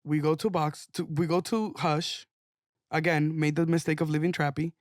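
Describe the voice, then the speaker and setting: A young man, co-hosting a casual podcast chat and telling stories with lively emphasis. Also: a little high, normal speed, no room sound, clean studio sound. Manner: animated, emphatic storytelling. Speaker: podcast co-host.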